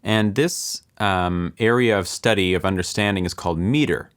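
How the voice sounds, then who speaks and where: Man, low voice, music production lesson, calm explainer, soft counting. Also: moderate pace, smooth. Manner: explains calmly with filler ums. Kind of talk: relaxed screen-recorded lesson.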